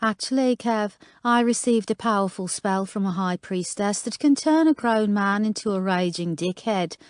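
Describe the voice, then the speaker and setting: List: woman doing a young female detective, Black Country accent, raised pitch, sweetly sarcastic, storybook. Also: normal speed, clear, resonant tone, no room sound, clean studio sound, natural voice. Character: young woman detective constable, sharp-tongued.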